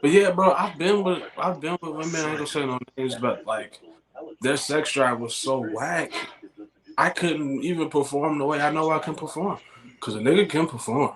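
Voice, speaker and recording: A man's voice: a little high, normal speed, rough recording. Tipsy man chatting, crowd behind. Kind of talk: casual chat.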